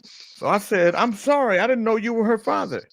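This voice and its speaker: A man's voice: sits high, moderate pace. A middle-aged man hosting a morning talk show, teasing his co-host and telling crude jokes in casual, profane banter.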